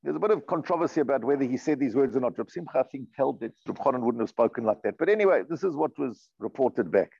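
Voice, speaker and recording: A man's voice: mid-range voice, lively intonation, fast talker, creaky, hardly any pauses, a little mellow, husky, dry recording, highs cut off. A man teaching a religious lesson, reading passages aloud and translating them, earnest and emphatic, often repeating and restarting his words. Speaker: rabbi teaching a class. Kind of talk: storytelling lesson, reading and translating Hebrew text.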